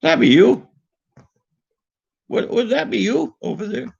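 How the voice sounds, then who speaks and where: A cheery Irish fellow offering a drink, as an Australian man puts him on, his put-on brogue starting low and swooping high. The voice sits well above the man's own gravelly register. It comes through a dull, lo-fi recording. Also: big pitch swings, unhurried, a little mellow, full character voice. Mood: jovial. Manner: sing-song, rising inflection.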